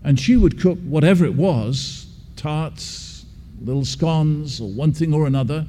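A man's voice: a little high, unhurried, mellow. A man from England, preaching an expository sermon. He talks emphatically and repeats key words for stress. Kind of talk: expository sermon with personal story. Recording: long hall reverb.

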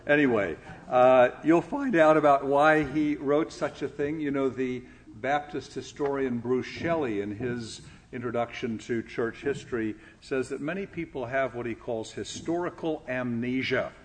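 Male host, middle pitch, relaxed, with light background noise. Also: unhurried. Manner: relaxed, with fillers. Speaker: host introducing a speaker. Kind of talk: talk introduction.

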